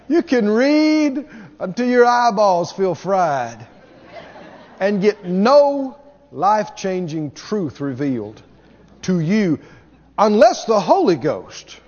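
A man's voice: high voice, big-room sound, dull audio. A man preaching a sermon to a congregation, asking them questions as he goes. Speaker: pastor.

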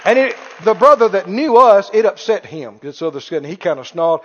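A man's voice: sits high, very animated, brisk, hardly any pauses, some chatter behind. A man preaching a sermon in a folksy, joking way, mocking critics with mock wails. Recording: reverberant hall, dull lo-fi sound.

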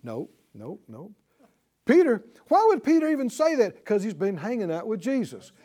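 A man's voice: high-pitched, huge pitch swings, moderate pace, mellow. A man teaching a Bible class in a sermon style, punchy and exhorting, with call-and-response.

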